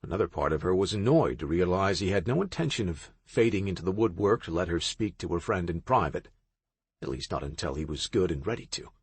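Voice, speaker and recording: Low husky male audiobook narrator. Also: animated, fairly quick, no room sound. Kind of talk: scripted romance novel narration.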